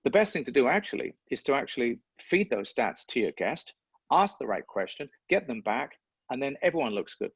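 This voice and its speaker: A man's voice: medium pitch, husky, dry recording. A man, a sports broadcaster, talking reflectively in an interview and often repeating words as he thinks. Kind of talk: interview conversation. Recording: dull lo-fi sound.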